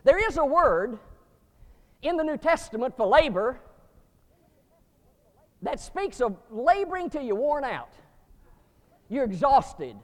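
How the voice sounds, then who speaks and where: High-voiced preacher in a reverberant hall. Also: male voice, very animated. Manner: emphatic preaching with rising bursts and slow stresses. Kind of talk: sermon.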